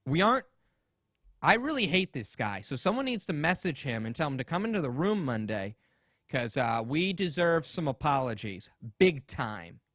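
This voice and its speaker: A man's voice: a little high, sing-song, normal speed, a bit bright, no echo, studio quality. A man hosting a podcast, telling a story in casual, rambling chat, swearing and acting out quotes. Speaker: podcast host.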